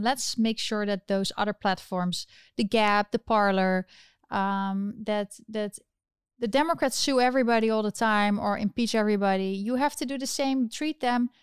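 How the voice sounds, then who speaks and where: Woman ranting about politics, dry close mic, super clear voice. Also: a little high, dry recording. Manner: animated, indignant, restarts often. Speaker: political commentary host. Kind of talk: casual political commentary.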